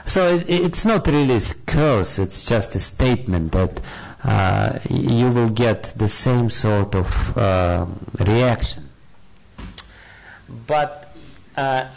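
A man retelling an old scripture story in a spiritual talk, halting and searching for words. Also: medium pitch, a little mellow, rough recording.

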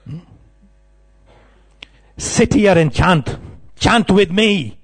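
A man voicing a stern older Scottish male monk in a put-on Scottish accent, giving gruff, scolding commands. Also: sits high, expressive, very slow, dry recording, voice pushed up, full character voice.

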